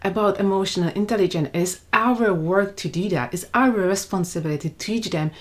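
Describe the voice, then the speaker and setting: A woman's voice: medium pitch, brisk. A woman in her thirties, a stepmom and mom, talking casually to camera about parenting. She is chatty, acts out the lines she quotes, and her grammar slips now and then.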